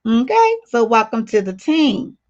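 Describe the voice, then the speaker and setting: A woman's voice: a little high, very animated, measured pace, darkish tone. A woman hosting a casual livestream, reading viewer comments aloud and talking straight to her viewers in a blunt, playful way. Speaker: livestream host. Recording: dull lo-fi stream audio.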